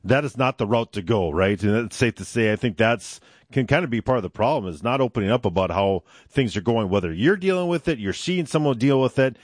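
A man's voice: medium pitch, expressive, brisk, few pauses, dry recording, clean studio sound. A man hosting a casual interview, talking in a folksy, conversational way with lots of fillers. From upper Midwest. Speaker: host.

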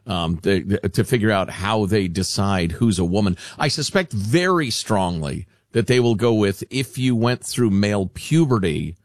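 A male talk radio host with a sardonic, mocking edge and a lively, swooping delivery. His voice sits in the middle of the range. The studio sound is dry and close. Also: on the low side, unhurried, few pauses, no echo. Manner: animated, sardonic, deadpan mockery.

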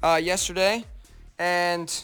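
A man's voice: sits high, level tone, takes it slowly, a bit bright, smooth, faint music behind. A young American man, a guest on a radio show, chatting eagerly and rambling with lots of self-corrections. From United States. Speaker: guest musician. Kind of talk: casual radio interview chat.

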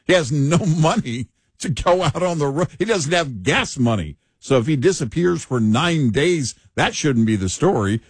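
Man, political talk co-host, forceful, stacks points in lists, dry close sound. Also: on the high side, animated, moderate pace, breathy edge, no echo. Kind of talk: conversational political commentary.

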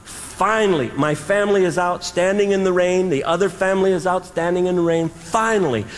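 A man doing stand-up storytelling, animated, with drawn-out pauses and sound effects, recorded live in a large hall. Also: high-pitched. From American Midwest farm country. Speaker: stand-up comedian. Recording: live hall reverb with faint ambience.

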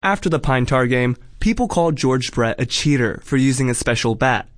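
A man's voice: mid-range voice, lively intonation, normal speed, no echo, studio quality. Wry male radio narrator. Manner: wry, playful. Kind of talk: scripted narration.

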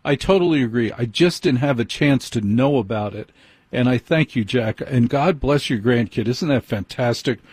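A man hosts a late-night call-in radio show and greets his callers in an agreeable way. His voice is a bit husky. The sound is dry and close. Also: mid-range voice, moderate pace, darkish tone, dry recording. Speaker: radio talk show host.

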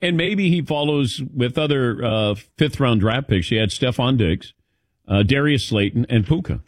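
A man hosting a sports talk show, asking questions with animated, halting delivery and repeated words. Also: mid-range voice, no echo, clean studio sound. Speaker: sports radio host.

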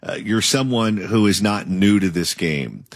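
A man's voice: lowish voice, lively intonation, measured pace, husky, dry recording, studio quality. A man interviewing a political candidate and asking long, opinionated questions.

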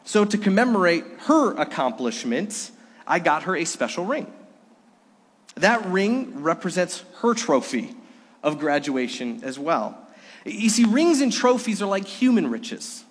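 A man's voice: high-pitched, very animated, a little slow, breathy edge. Preaching man in an echoey sanctuary. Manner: earnest preaching, swings between loud emphasis and soft hushed lines. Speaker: pastor. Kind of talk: sermon. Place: church sanctuary during a Sunday service.

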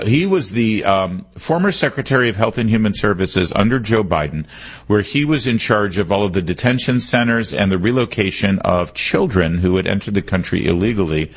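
Low husky radio host guy ranting on air, punchy, keeps repeating the phone number. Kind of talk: talk radio monologue.

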